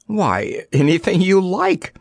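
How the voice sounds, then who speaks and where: Male reader doing a small lively girl, raised pitch, dry close audiobook sound. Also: slow pace, gravelly, dry recording, full character voice. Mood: curious. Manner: lively, wondering and earnest. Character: curious cheerful young girl.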